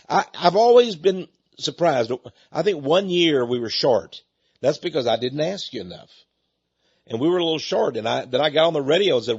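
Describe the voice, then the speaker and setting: Husky-voiced man in folksy radio talk. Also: medium pitch, expressive, a little fast, highs cut off. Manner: folksy, chatty, repeats words. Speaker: radio show host. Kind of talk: radio talk and donation appeal.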